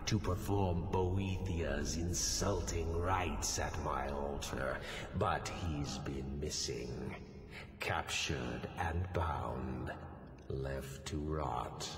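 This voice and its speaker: An actor playing a menacing male demon god of domination in a video game, with a deep gravelly rumble and a slow, commanding delivery that drops into whispers. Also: full character voice. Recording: echoey with a long hall reverb.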